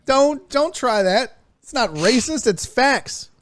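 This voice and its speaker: A man's voice: very high-pitched, lively intonation, takes it slowly, a bit bright. A man hosting a casual sports talk show, joking and rambling as he goes. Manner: joking, rambling, drifts into bits.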